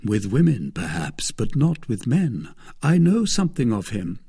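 A man's voice: mid-range voice, sing-song, a little slow, mellow, slightly rough, full character voice. A man voicing an impetuous young swordsman, passionate and eager. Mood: proud.

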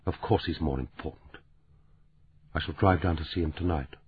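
A man's voice: extremely low pitch, normal speed, a little hiss or hum. A man voicing a sardonic, brittle middle-aged woman academic with a dry, cutting manner. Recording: narrow phone-like audiobook sound.

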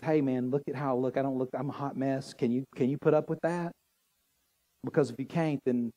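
A man preaching a sermon as pastor, animated and joking with the congregation. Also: a little high. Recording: long hall reverb.

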